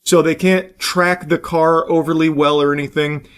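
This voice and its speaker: A man's voice: fairly high pitch, flat delivery, moderate pace, background noise. A man giving casual, sardonic, profanity-laced commentary.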